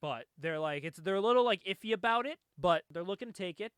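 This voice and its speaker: A man's voice: high voice, lively intonation, quick pace, fairly bright tone, clear, resonant tone, dry recording. A young man casually retelling a comic book story on a podcast, laid-back, laughing often and filling his talk with "like.". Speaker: podcast co-host.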